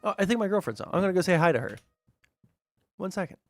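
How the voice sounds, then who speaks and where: A man's voice: high voice, animated, quick pace, no room sound. A young man live-streaming casual chat while gaming, swearing constantly and ranting heatedly with self-mocking asides.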